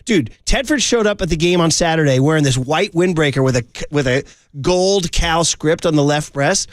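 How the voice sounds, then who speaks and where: A male sports talk host with a high, light voice, chatting in a loose, slangy, excitable way. The sound is dry and close, with no room around it. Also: normal speed, no room sound.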